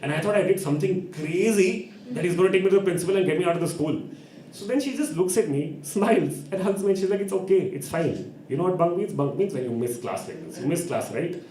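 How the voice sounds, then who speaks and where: A man's voice: high voice, fast talker. Young man telling a comic story. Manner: animated, acts out voices of people in his story. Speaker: open mic performer and host. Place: performance venue. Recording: echoey room with background noise.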